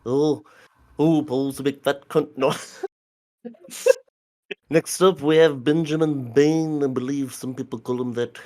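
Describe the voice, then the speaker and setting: A man's voice: medium pitch, steady tone, measured pace, pauses often, darkish tone, natural voice. A podcast host putting on a mock-formal Liverpool English voice as a crude British man who swears between sing-song lines. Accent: put-on Liverpool English.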